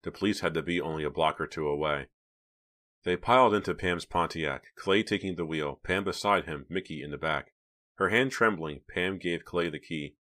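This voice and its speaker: A male audiobook narrator with an extremely deep voice. He tells the story at a steady, even pace in a scripted reading style. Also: normal speed.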